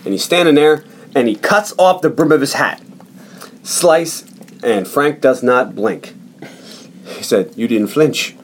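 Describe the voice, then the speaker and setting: A man's voice: medium pitch, moderate pace, a little hiss or hum. A man hosting a podcast, retelling a movie in casual chat and acting out the quotes. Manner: animated storyteller, acts out quotes. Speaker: podcast host.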